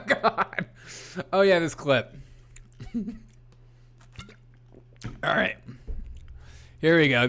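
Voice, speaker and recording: A man's voice: medium pitch, fairly bright tone. A man hosting a casual comedy news livestream, rambling, laughing often and reading chat aloud. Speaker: host.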